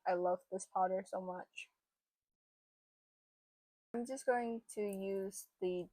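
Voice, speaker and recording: A woman's voice: medium pitch, darkish tone, no room sound. A young woman narrating a makeup tutorial in a chatty, casual way, with lots of fillers. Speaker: beauty vlogger.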